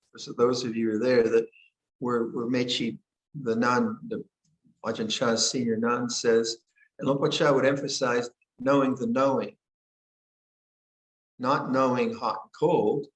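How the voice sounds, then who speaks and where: An older man, a meditation teacher, giving a guided meditation and dharma talk in a gentle, unhurried way, often pausing and restarting his sentences. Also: mid-range voice. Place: monastery meditation hall. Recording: echoey hall.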